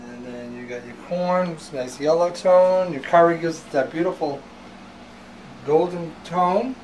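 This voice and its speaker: Guy doing a home cooking demo, kinda high voice, loose and rambling, mic a bit far off. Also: a little slow, slight background noise. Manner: casual, chatty, with fillers and restarts. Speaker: cooking show host.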